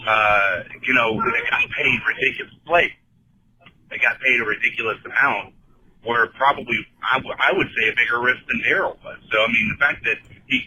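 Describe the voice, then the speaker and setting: A man's voice: medium pitch, background noise. A man calling into a sports podcast, chatting casually in a rambling, hesitant way. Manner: rambling, hesitant, full of fillers. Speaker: caller. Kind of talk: casual call-in chat.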